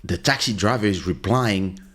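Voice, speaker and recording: A man hosting a podcast, telling a story in a casual, animated way, acting out quotes and slipping into French phrases. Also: lowish voice, normal speed, soft background music. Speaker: podcast host.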